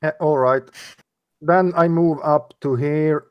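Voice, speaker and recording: A man's voice: on the high side, steady tone, slow pace, smooth, dry recording. A man taking his turn in a casual tabletop game, hesitant and thinking aloud. His voice comes through a dull, muffled lo-fi chat line. It sounds dry and close. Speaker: player.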